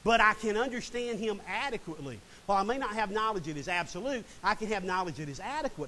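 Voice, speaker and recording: A man's voice: high voice, lively intonation, fast, few pauses, sharp tone, poor audio. A middle-aged man preaching a sermon and reading scripture dramatically. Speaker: pastor. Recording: faint hiss.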